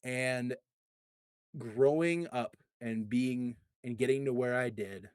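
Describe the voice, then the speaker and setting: A man in his thirties speaking earnestly and reflectively in a casual podcast chat, pausing and restarting his sentences often. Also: medium pitch, darkish tone, clean tone, no echo, studio quality. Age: 30s.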